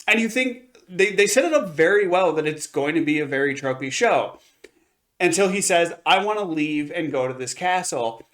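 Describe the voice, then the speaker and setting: A man's voice: on the high side, animated, moderate pace, a bit bright. A man co-hosting an anime review podcast, recapping an episode in a rambling way, with many fillers and restarts. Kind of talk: casual review chat.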